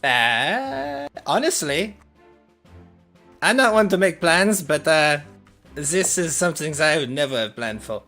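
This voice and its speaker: A grandiose swashbuckler, played by a man, booms with bright, theatrical flair. His pitch leaps around as he toys with his foe. Faint music runs behind. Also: sing-song, unhurried, exaggerated voice. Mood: playful. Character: boisterous swashbuckling male rogue.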